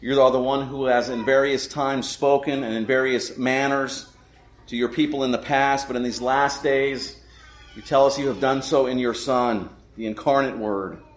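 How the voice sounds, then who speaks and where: Male pastor, mid-pitched, solemn and measured sermon delivery, roomy church echo. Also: steady tone. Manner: solemn, measured, slows for emphasis. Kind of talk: sermon with prayer and scripture reading.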